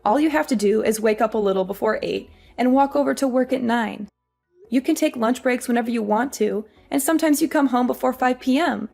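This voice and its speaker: An actress playing an exhausted young working wife, weary and pleading. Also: female voice, on the high side, a little fast, vocal fry, darkish tone, soft background music. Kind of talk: audio drama acting.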